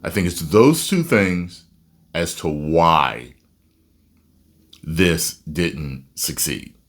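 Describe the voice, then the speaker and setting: A man giving casual, animated movie reaction commentary with a rambling, self-interrupting manner. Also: low voice, drawn-out words.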